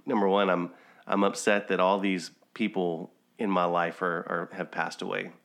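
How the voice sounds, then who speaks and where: Low-voiced guy rambling through a family story, chuckling here and there, laid back podcast chat. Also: flat delivery, moderate pace, creaky, a bit bright. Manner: rambling, chuckles while telling anecdotes. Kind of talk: casual conversational storytelling.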